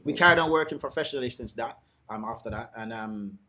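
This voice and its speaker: A man with a Jamaican accent, a guest DJ, telling stories in a casual podcast chat. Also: mid-range voice. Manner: quick, animated storytelling with restarts.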